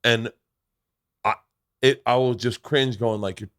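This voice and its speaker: A man in the host's chair, spinning stories and swearing freely as he acts out the people in them. His voice sits at an ordinary pitch on a dry, close mic with no room sound. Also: measured pace, no room sound. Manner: animated storyteller, swears a lot, acts out voices in anecdotes. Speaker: podcast host. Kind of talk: casual podcast chat.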